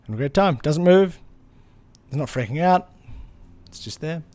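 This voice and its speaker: Young male streamer, casual and animated, swears a lot; slightly high, very expressive pitch. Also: moderate pace. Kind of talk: casual storytelling while gaming.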